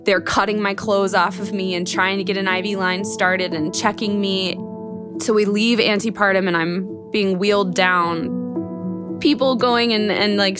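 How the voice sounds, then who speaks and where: A young woman tells her story in an earnest, emotional voice, open about how she felt. Her pitch sits at an ordinary middle height. Music plays clearly beneath her. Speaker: guest telling her story. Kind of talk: personal storytelling. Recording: music bed behind the voice.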